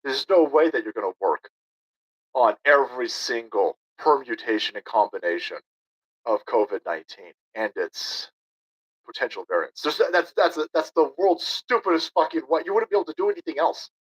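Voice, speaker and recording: A man's voice: mid-range voice, moderate pace, breathy edge, poor audio. A man doing a profane, mocking reaction commentary on a video clip as a streamer.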